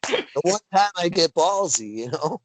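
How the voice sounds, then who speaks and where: A man's voice: measured pace, a little hiss or hum, low-quality recording. A man, a wrestling referee, telling stories in a casual interview over a video call and acting out quotes with big jumps in his voice. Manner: animated storyteller, acts out quotes with big pitch jumps.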